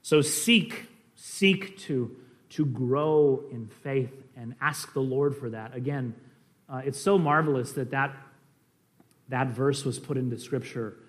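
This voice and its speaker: A man teaching in an earnest, conversational sermon style, swinging between emphatic stresses and quiet asides, with fillers and restarts. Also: mid-range voice, takes it slowly. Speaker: preacher.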